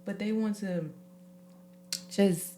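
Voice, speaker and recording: Woman host, AAVE, lively and emotional, moves between hushed and loud. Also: medium pitch, slow pace, slight background noise. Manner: expressive, animated, swings from soft to loud. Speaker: podcast host. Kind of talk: casual, emotional conversation.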